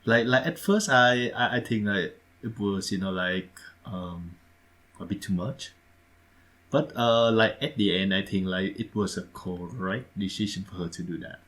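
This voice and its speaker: A low-voiced man co-hosts a casual podcast. He speaks haltingly, searching for words with frequent pauses and slightly non-native grammar. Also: fairly bright tone. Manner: hesitant, many fillers and restarts, non-native grammar. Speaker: podcast co-host. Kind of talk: casual discussion.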